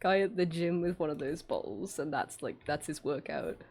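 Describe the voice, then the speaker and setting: A woman's voice: low voice, big pitch swings, moderate pace, a little mellow, husky. A young woman streaming while she draws, chatting casually, giggling, swearing freely and answering her chat.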